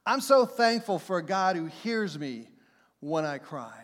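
A man preaching a sermon to his congregation in a lively storytelling manner, now and then acting out what people said. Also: high-pitched, a little slow. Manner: storytelling, animated, acts out shouts and quotes. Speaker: pastor. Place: church sanctuary. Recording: long hall reverb.

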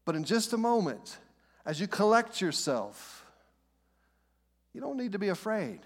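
A middle-aged man, a pastor, preaching a sermon with dramatic pauses and repeated reassurances. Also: high-pitched, very animated. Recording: long hall reverb.

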